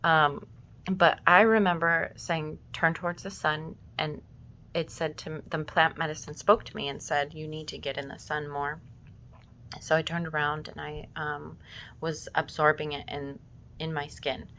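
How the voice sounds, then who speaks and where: Low-voiced woman recounting. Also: flat delivery, pushed and bright, a little hiss or hum. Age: 30s. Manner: slow, reflective, emotional, swears casually. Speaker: vlogger. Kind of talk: personal storytelling.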